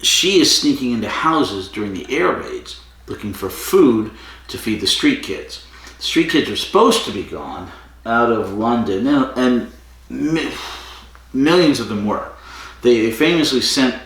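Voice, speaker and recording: Recorded far from the mic in a heavily echoing room, this man hosts a podcast, recapping a story in a relaxed way full of digressions and self-corrections. His voice is on the low side with a fairly bright tone.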